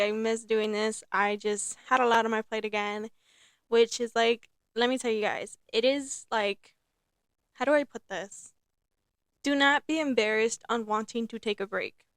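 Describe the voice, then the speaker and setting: A young woman hosting her own podcast in casual, rambling talk, repeating herself and filling pauses with um and like. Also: on the high side, a bit bright, dry recording, studio quality. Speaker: podcast host. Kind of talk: casual solo podcast chat.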